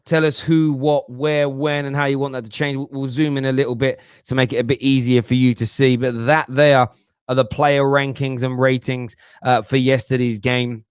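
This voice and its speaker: A man hosts a fan football show, talking in a lively, slangy way as he answers viewer comments. His voice sits in a middling register. The sound is dry and close. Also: medium pitch, moderate pace, clear, resonant tone, dry recording. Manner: animated, mocking put-on voices, London slang like "bruv". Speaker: football talk show host.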